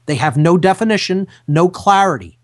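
Male talk radio host, fairly high voice, emphatic and preachy, hammers points home by repetition. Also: lively intonation, normal speed. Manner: emphatic, repeats key phrases, lecturing. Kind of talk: impassioned talk radio monologue.

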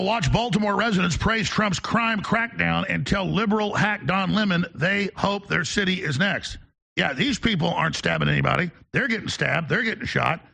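Talk show guy ranting away, super gravelly voice, high and swoopy. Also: pushed and bright. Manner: emphatic, ranting, fast-talking. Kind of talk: opinionated talk radio monologue.

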